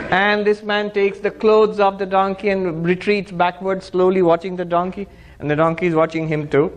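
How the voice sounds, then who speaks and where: A man's voice: high-pitched, moderate pace, a little hiss or hum. A monk giving a spiritual discourse, telling stories animatedly and chuckling as he teaches. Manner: animated storyteller who laughs and chuckles.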